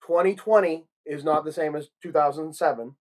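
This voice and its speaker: A man in his thirties co-hosting a casual chat, talking in quick animated bursts. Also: a little high, rough recording. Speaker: co-host.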